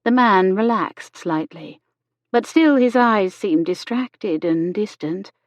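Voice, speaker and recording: A woman narrates a novel in a gentle, measured way. Her pace is slow, and her pitch sits mid-range. The recording is dry and dull, with a lo-fi sound. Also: expressive, no echo. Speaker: audiobook narrator. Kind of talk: scripted narration.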